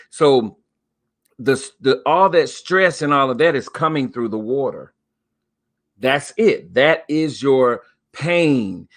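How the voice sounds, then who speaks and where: A man's voice: medium pitch, a bit bright. A man hosting a live stream, talking in a folksy, preachy way, stretching out words for emphasis. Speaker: host. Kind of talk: casual live-stream talk.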